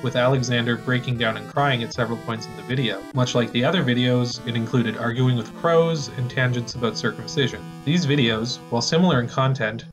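A man narrating a scripted documentary in a wry, measured storytelling manner. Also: medium pitch, rough recording. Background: guitar music.

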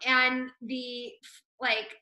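A woman podcast host telling a story from her life in casual chat, animated and laughing often, acting out what people said. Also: sits high, extremely slow. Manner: animated, laughs often, acts out quoted lines. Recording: roomy echo.

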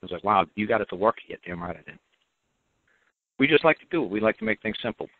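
A man's voice: on the low side, very animated, fast, no room sound. A man hosting a call-in radio show, talking bluntly and emphatically and repeating his points. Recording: dry, tinny phone-like audio.

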